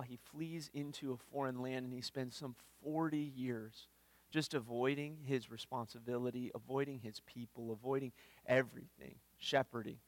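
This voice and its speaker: A male pastor preaches a sermon in church, earnest but kind of stumbly, repeating words as he starts phrases. His voice is medium-pitched, with a dry, close sound and no room sound.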